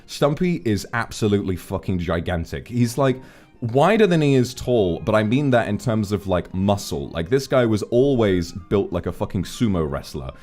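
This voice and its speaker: A man's voice: lowish voice, normal speed. A man streaming, telling rambling, profane stories about his friends in a casual chat. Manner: rambling, profane, animated anecdotes. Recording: faint background music.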